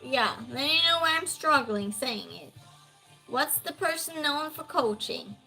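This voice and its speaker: A woman's voice: high-pitched, expressive, unhurried, sharp tone, faint music behind. A woman hosting a live trivia stream, reading questions aloud and chatting with viewers.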